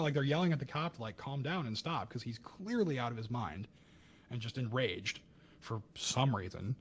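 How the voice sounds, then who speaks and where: A young man co-hosting a casual podcast, talking through a news story with heated emphasis and bursts of louder, higher speech. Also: normal speed, breathy edge. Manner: animated, acts out quoted voices with rising pitch and loudness. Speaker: podcast co-host. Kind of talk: casual political commentary chat.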